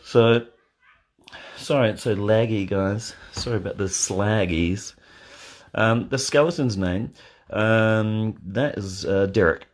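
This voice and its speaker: A man hosting a casual live watch party from bed, answering chat questions in a deadpan, joking way. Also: on the low side, slow. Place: in bed at home. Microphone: phone.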